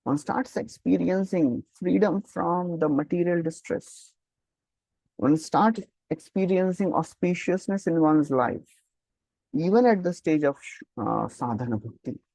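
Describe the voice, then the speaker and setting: Guy giving a scripture lecture, bit high voice, dry close sound, chants verses and asks the class stuff. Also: gravelly, mellow, dry recording, poor audio. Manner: explains slowly, repeats key terms, asks the class questions; switches between English and Hindi, chants verses.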